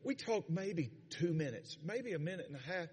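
A man's voice: fairly high pitch, big pitch swings, normal speed, breathy edge. A man preaching a sermon as pastor, calling on the congregation to answer back. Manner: rising to fervent shouting, calls for congregation responses. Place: church sanctuary. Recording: long church hall reverb.

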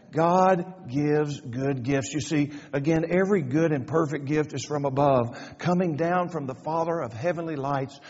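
Older man, pastor, high-pitched and folksy, preaching in a reverberant church on a dull, lo-fi recording. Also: husky. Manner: folksy, joking asides building to fervent preaching. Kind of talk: sermon. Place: church sanctuary. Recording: echoey church hall, dull lo-fi sound.

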